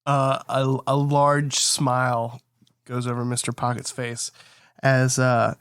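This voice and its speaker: A man's voice: mid-range voice, monotone, takes it slowly, a bit bright, clear, resonant tone, no room sound, studio quality. A man playing a tabletop game, casually describing what his character does. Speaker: player. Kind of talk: tabletop game role-play.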